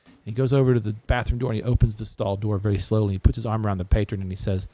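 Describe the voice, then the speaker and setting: A man hosting a podcast, telling a long crude joke in a casual, animated way. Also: lowish voice, racing, no room sound. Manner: animated storyteller with crude humor. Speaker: podcast host.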